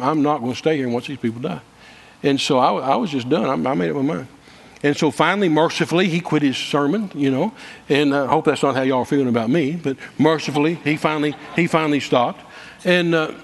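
Male preacher, high voice, folksy dramatic storyteller, reverberant hall. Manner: folksy, dramatic, shouts quoted lines, repeats words. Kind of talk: storytelling sermon.

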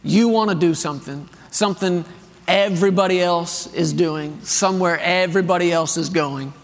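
High-voiced preacher man in a big hall. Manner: animated storytelling, reads scripture with slow emphasis. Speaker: pastor. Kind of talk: sermon. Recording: long reverb of a large hall.

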